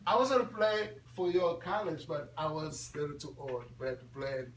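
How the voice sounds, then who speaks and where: A man in his twenties giving an animated, laughing talk to students at a school, quizzing his audience. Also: on the high side, moderate pace, a little hiss or hum. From Congo. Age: 20s. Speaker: guest speaker at a school. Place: classroom or school hall. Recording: echoey room audio from far off.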